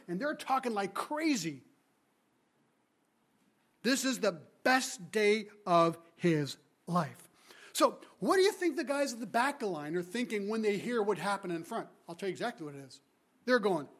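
A man preaching a sermon as a guest speaker, retelling the story with lively energy and asking the congregation rhetorical questions. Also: high-pitched, moderate pace. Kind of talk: expository sermon.

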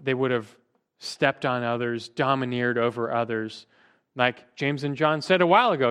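A man's voice: mid-range voice, moderate pace, a bit bright, clean tone. A man teaching a Bible lesson to a class, earnest, asking questions and often repeating words as he goes.

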